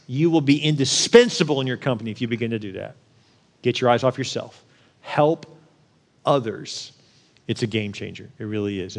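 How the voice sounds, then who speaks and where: A man delivering a sermon in a conversational style, swinging between emphatic and soft, quiet storytelling. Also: medium pitch. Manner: conversational preaching, rising to emphatic then dropping soft and quiet. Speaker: pastor.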